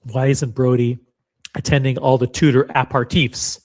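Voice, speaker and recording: A man's voice: medium pitch, level tone, moderate pace, darkish tone. A man hosting a loose, casual livestream. He rambles from one thing to the next and jokes at his own expense as he talks to the viewers. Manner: rambling, joking, self-deprecating. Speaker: livestream host.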